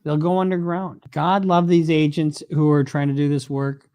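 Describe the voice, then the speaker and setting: A man's voice: fairly high pitch, little pitch movement, normal speed, darkish tone, clear, resonant tone, no room sound. A man talking as a criminal lawyer guest in a casual opinion chat, discursive and rambling with many fillers.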